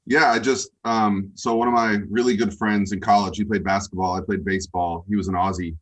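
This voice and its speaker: A man with a low, husky voice talks as a podcast guest. He rambles in a relaxed way, full of "um"s and loose restarts, like easy conversation between friends. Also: fairly quick. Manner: rambling, relaxed, many fillers. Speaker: guest coach. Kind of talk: casual interview chat.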